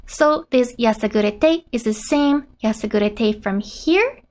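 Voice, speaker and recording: Slow, giggly woman teaching Japanese. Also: a little high, a little mellow. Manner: giggly, reads out character lines with playful voices. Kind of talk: casual manga-based language lesson.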